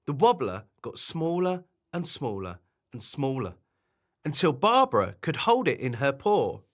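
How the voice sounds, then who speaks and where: Lively, unhurried man reading a bedtime story. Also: mid-range voice. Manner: animated, expressive storyteller.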